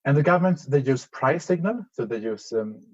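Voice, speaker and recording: A man's voice: mid-range voice, expressive, muffled recording. Man giving an echoey lecture by video. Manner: measured, explanatory, with frequent restarts and hesitations. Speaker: conference speaker. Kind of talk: academic presentation over video link. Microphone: video call.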